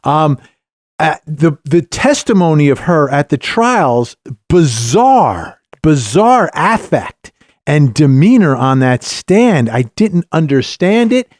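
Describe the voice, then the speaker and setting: Brief: emphatic middle-aged legal commentator, fairly high voice, dry close sound. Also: male voice, slow pace, dry recording. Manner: animated, emphatic, uses rhetorical "right?". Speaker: legal commentator, former prosecutor. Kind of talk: podcast guest analysis.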